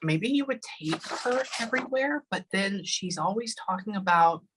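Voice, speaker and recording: A woman in her thirties giving a spirit reading, talking haltingly and thinking aloud with many pauses. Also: medium pitch, expressive, noisy background. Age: 30s. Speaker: psychic medium.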